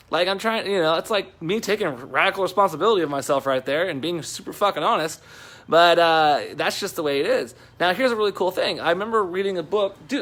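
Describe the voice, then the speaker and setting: A man hosting a casual vlog, speaking bluntly and with lots of profanity as he rants about taking responsibility. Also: on the high side. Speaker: marketing coach vlogger. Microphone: phone camera.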